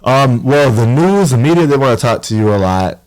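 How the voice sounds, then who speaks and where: A man's voice: medium pitch, lively intonation, moderate pace, a little mellow. A man, a professional basketball player guesting on a podcast, telling stories animatedly and acting out voices. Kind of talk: casual storytelling interview.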